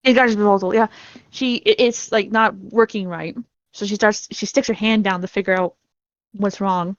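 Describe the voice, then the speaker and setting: A woman's voice: mid-range voice, steady tone, moderate pace, no echo, dull audio. Giggly rambling woman on a call. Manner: rambling, giggly, acts out her own reactions. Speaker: podcast guest. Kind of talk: casual chat.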